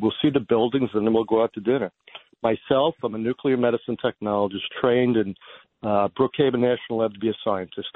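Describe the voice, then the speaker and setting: A man's voice: medium pitch, dry recording. A man phones in to a radio show and rambles along in a friendly way, often stopping to search for his words. His voice sits in a mid register. It comes through a thin, tinny phone line with no room sound. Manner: rambling, friendly, full of fillers. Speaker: caller.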